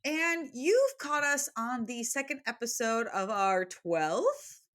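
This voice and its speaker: A young woman co-hosting a casual book podcast, playful and quick to laugh, swearing now and then. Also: fairly high pitch, expressive, fairly bright tone. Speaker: podcast co-host.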